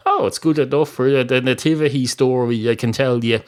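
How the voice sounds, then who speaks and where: A man's voice: mid-range voice, brisk. An Irish man hosting a podcast, telling a rambling, self-deprecating comic monologue. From Ireland. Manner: self-deprecating, digressive, chatty. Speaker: podcast host.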